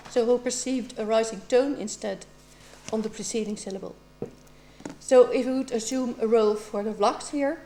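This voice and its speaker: A woman with a somewhat high voice reads out careful, formal questions at a doctoral defense. She sounds measured and precise, pausing now and then with an um. A faint hum sits under her voice. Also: mellow. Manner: measured and precise, with occasional ums.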